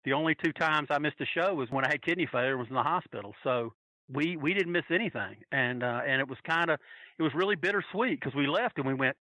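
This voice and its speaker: Man telling a story on a podcast, bright forceful voice, dry close sound, acts out quotes. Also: fast, dry recording, rough recording. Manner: animated, acts out quotes in higher voice. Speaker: podcast guest, wrestling fan. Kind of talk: casual storytelling.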